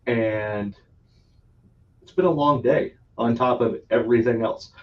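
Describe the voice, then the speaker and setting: In a distant, dull lo-fi recording, a podcast host with a medium-pitched voice speaks unhurriedly. He tells a long, rambling story in casual chat, laughing often and swearing freely.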